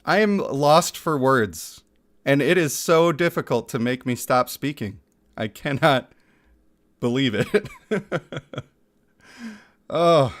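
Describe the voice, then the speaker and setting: A man streaming a mobile game from his home setup, chatting casually, getting excited and laughing often, into a desk microphone. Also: medium pitch, slow, pauses often. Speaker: gaming streamer. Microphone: desk microphone picking up chair rumble.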